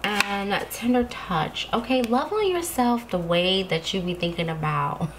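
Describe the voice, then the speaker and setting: A woman's voice: medium pitch, animated, takes it slowly, fairly bright tone, slight background noise. A woman giving a casual tarot reading to her viewers, chatty and reassuring, often laughing to herself. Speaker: tarot card reader.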